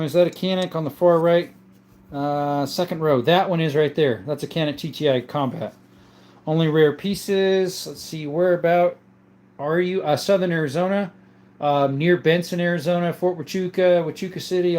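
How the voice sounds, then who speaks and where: A man's voice: a little high, moderate pace, a little mellow. Casual man reading his livestream chat. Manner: reads chat messages aloud and answers with frequent fillers. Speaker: livestream host of a gun channel.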